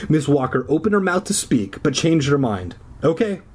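A husky, slightly raspy man reads a children's book aloud with lively, swinging intonation. He breaks off into rambling, profane asides for comic effect. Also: on the high side, moderate pace. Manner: adds swearing and rambling asides. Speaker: reader.

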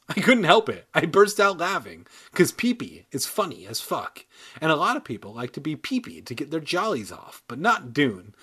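A man reads a children's novel aloud with a husky, grainy voice, sliding over a wide pitch range. He keeps stopping for crude, irreverent jokes between passages. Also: wildly swooping pitch, moderate pace, bright, forceful tone. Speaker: comedic reader. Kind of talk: comedic book reading with riffs. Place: San Diego.

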